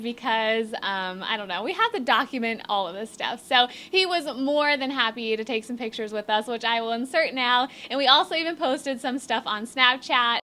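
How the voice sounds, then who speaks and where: A woman's voice: fairly high pitch, normal speed, hardly any pauses, pushed and bright. A young woman, telling a story to camera in a bubbly, chatty way, filling in with "like" and acting out what people said. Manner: bubbly, chatty, many fillers, acts out quotes. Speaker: vlogger. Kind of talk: storytime chat.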